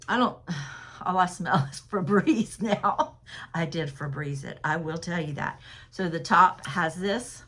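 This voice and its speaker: A woman's voice: on the low side, a bit bright. A woman, chatting and laughing to her viewers as she shows and prices purses she resells. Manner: chatty, laughs often, talks straight to viewers. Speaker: resale seller. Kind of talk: casual sales haul vlog.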